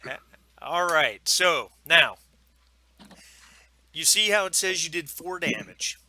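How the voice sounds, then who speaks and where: A man running a tabletop game as game master, with a very bright, sharp voice. He narrates and walks players through the rules in a loose, easygoing way full of "uh" and "you know". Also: a little high, slow pace. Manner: relaxed, explains rules with many fillers.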